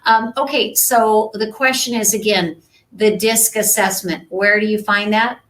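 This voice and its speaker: A woman sales trainer coaches viewers on a live stream in a conversational way, often checking in with "right?" and "okay?". Her voice is medium in pitch, steady, a little slow and fairly bright, though the audio is poor.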